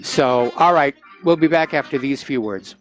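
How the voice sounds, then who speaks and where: A man's voice: mid-range voice, moderate pace, soft background music. A man hosting a talk radio show, giving opinionated, sarcastic commentary with frequent "uh" fillers into a studio microphone.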